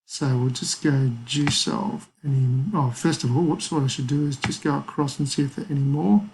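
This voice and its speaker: Man with a gravelly voice teaching maths. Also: medium pitch, fairly even intonation, normal speed, a little mellow, a little hiss or hum, rough recording. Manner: casual, thinks aloud with fillers and small apologies. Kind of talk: calculator walkthrough lesson.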